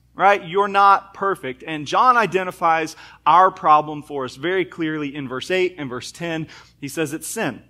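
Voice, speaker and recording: A man in his thirties delivers a church sermon with a bright, forceful tone and a voice pitched a little high. He moves between reading scripture and telling self-deprecating stories from his own childhood, keeping the talk conversational. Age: 30s. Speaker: pastor. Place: church sanctuary.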